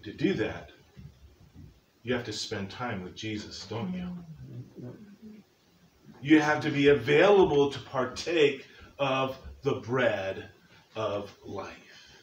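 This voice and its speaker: A man's voice: mid-range voice, big pitch swings, slow, pauses often, a little hiss or hum. An older man preaching a sermon as pastor, folksy and earnest, with joking asides to the congregation. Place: church sanctuary. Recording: echoey church from far off.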